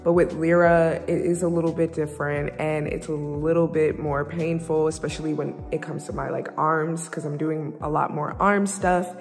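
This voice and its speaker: A woman's voice: low-pitched, fairly even intonation, normal speed, few pauses. A woman vlogger and pole dancer in casual chat to camera, rambling and leaning on "like" fillers. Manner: chatty, rambling, leans on "like" fillers. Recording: reverberant room with faint music.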